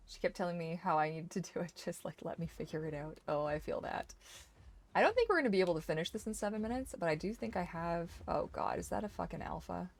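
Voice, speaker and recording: A young woman streamer giving casual gameplay commentary, chatty, swearing freely and exclaiming loudly at the game. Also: fairly low pitch, animated, quick pace, gravelly. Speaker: gaming streamer.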